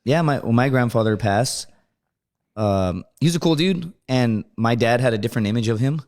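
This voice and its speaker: A man's voice: mid-range voice, lively intonation, moderate pace, a little mellow. A man telling stories as a guest in a casual podcast chat, acting out quoted voices and swearing often. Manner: storytelling, acts out quoted voices, swears a lot.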